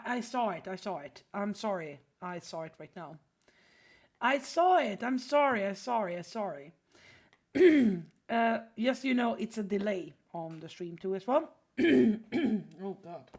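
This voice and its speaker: A woman teaching drawing on a casual livestream, chatty and full of fillers, often apologizing while she reads chat. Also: medium pitch. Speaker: art streamer teaching drawing.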